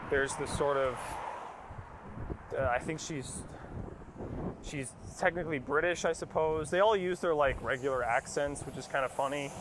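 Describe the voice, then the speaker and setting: A man's voice: on the high side, moderate pace. Young guy rambling bout a movie outside, swears a lot, wind and traffic noise all over the mic. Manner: rambling, profane, dismissive, lots of fillers. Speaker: podcast host. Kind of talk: casual rambling movie recap.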